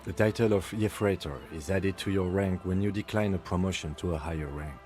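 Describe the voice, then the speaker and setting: An actor playing a calm, reserved police lieutenant in a video game, speaking with a French accent in a measured, precise way. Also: male voice, low-pitched, natural voice. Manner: measured, precise, matter-of-fact. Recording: soft game music behind.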